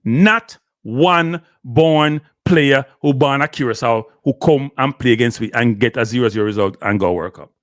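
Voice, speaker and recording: A man's voice: mid-range voice, moderate pace, hardly any pauses, no echo, clean studio sound. A man with a Jamaican accent hosting a live show, ranting and scolding in patois. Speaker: host. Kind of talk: heated live commentary.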